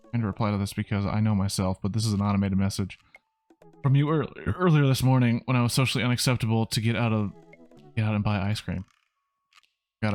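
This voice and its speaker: A man streaming a dating video game, reading the lines aloud in a casual way with wry asides. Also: lowish voice. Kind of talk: let's play game reading.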